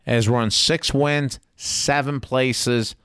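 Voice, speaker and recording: A man's voice: medium pitch, steady tone, drawn-out words, a bit bright, clean tone, no echo, clean studio sound. Blunt, chatty man picking horses. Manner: blunt, chatty, swears casually. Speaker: horse racing handicapper. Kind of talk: casual race picks talk.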